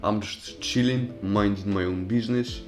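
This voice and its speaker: A man's voice: fairly low pitch, fairly even intonation, moderate pace, faint music behind. A young man casually telling a personal story over gameplay, profane and rambling, with loose restarts. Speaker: storytime commentary YouTuber.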